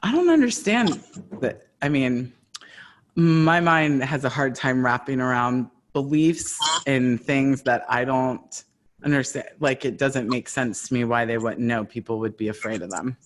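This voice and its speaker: A man hosts a relaxed podcast conversation at a medium pitch. He talks earnestly and reflectively. He asks his guest open questions to draw her out. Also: a little slow, slight background noise. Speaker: podcast host.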